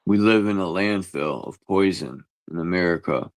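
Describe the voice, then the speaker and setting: Deep-voiced man ranting bluntly. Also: normal speed, dry recording. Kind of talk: casual opinionated chat.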